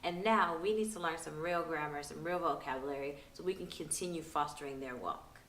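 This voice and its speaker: A woman's voice: deep voice, brisk, fairly bright tone, a little hiss or hum. Upbeat woman vlogger in a roomy space. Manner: upbeat, chatty, laughs often. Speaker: parenting vlogger giving tips. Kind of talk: casual instructional vlog. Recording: roomy echo.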